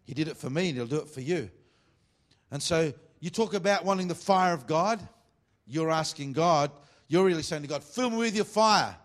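With a voice a little on the high side, the pastor mixes joking, teasing asides for his congregation into emphatic preaching. He slows down to read scripture deliberately.

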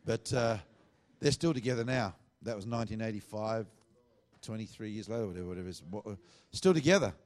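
A man's voice: on the low side, brisk, darkish tone. A middle-aged man, a pastor, earnestly telling a testimony and acting out the dialogue he quotes.

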